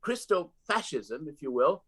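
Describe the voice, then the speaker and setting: A man's voice: a little high, big pitch swings, a little slow, husky, rough recording. A man speaking as a guest commentator in a political interview, emphatic and often repeating words as he goes.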